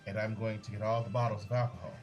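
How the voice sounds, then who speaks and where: A man's voice: lowish voice, little pitch movement, rapid-fire, muffled recording, over music. A man playing a tabletop role-playing game, teasing and laughing a lot. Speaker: player.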